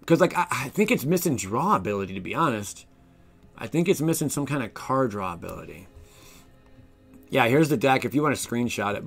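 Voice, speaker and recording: A man streaming a card game live, chatting with viewers in an excitable, jokey way. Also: mid-range voice. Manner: excitable, jokey, talks to chat. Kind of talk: casual live stream commentary.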